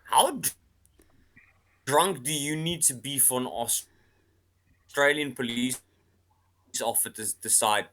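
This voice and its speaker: Bright, punchy comedian. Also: male voice, mid-range voice, moderate pace, pauses often. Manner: emphatic, repeats phrases, builds up jokes. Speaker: comedian panelist. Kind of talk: comedic riffing.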